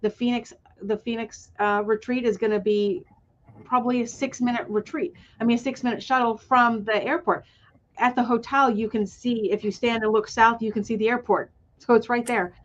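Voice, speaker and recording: A woman's voice: on the high side, steady tone, moderate pace, slight background noise. Enthusiastic woman on a lo-fi call. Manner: enthusiastic, rambling with fillers. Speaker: guest, retreat organizer. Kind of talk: webinar conversation.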